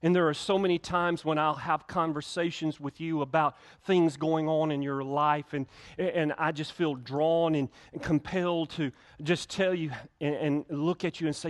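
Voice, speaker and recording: A man's voice: fairly high pitch, normal speed, few pauses. A male pastor, preaching a conversational sermon to his church with frequent restarts and acted-out quotes. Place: church sanctuary.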